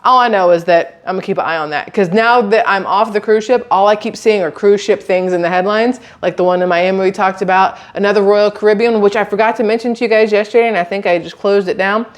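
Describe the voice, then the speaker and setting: A woman with a drawl talks casually to her viewers, reading a news story aloud. She breaks off often for wry, sarcastic comments and trips over hard words, and her voice sits in a middle pitch. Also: fast, hardly any pauses. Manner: chatty, sarcastic asides, stumbles over words.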